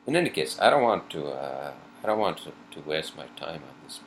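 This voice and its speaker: A man's voice: extremely low pitch, very animated, fairly quick, a little hiss or hum. A man hosting an informal video podcast, rambling and swearing as he vents his frustration in casual chat. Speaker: podcast host.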